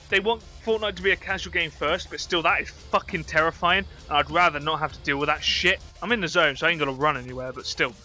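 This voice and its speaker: A young man giving excitable, sweary gameplay commentary at his computer. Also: a little high, fast, few pauses, faint music behind. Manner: excitable, sweary, easily startled. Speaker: gaming YouTuber.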